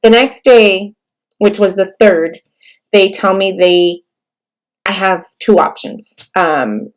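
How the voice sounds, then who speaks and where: A young woman with a somewhat low voice tells a personal story straight to camera. She talks in a halting, tearful way and restarts her sentences often. She grew up in California. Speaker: vlogger sharing a birth story.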